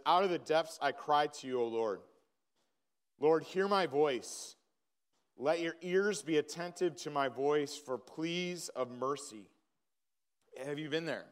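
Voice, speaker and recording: A male pastor preaching a sermon, talking casually and then building to emphatic, slowed declarations. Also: mid-range voice, clear, resonant tone.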